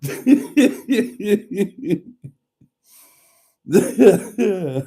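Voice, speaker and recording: A man's voice: sits high, sing-song, extremely slow, mellow. A middle-aged man hosting a casual livestream, reading out viewer comments and often breaking into laughter. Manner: giggly, keeps breaking into laughter. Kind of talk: casual live chat.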